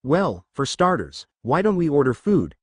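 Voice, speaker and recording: A man's voice: fairly high pitch, very animated, moderate pace, slightly rough, dry recording, clean studio sound. A man reading a polite, shy woman teacher. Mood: hesitant. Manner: polite, hesitant. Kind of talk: fan fiction story reading.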